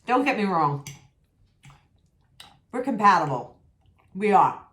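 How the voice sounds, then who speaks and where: A middle-aged woman vents to her followers in a casual vlog, sassy and emphatic, repeating herself to drive each point home. Her voice sits at a middle pitch and sounds a bit worn, as if she is losing it. The room around her is noticeably echoey. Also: big pitch swings, slow pace, fairly bright tone. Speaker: vlogger. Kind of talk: candid venting vlog.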